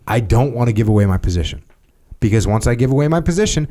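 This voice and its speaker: An American man, a former Navy SEAL leader, talking through leadership in a steady, matter-of-fact podcast conversation with casual fillers. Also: mid-range voice, fast. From United States.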